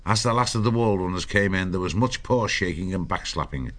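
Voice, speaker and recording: Deep-voiced man narrating a storybook. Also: brisk. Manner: steady storytelling delivery. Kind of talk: audiobook narration.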